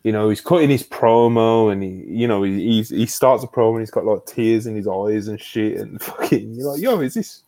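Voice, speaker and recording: A man with a slightly low voice, chatting through a wrestling show on a podcast. He is animated and slangy, and he swears constantly as he retells the story. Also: a little fast, few pauses. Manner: animated, slangy, swears a lot, says "bro" often. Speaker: podcast co-host. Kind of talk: casual wrestling review chat.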